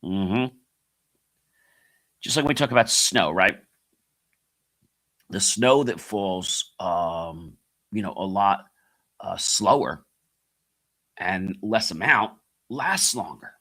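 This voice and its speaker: Motivational host, middle-aged man, forceful bright voice, calls the audience "guys.". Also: deep voice, lively intonation, slow pace, long pauses. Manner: repeats key phrases, asks rhetorical questions; addresses listeners as guys. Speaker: podcast host and coach. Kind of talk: motivational monologue.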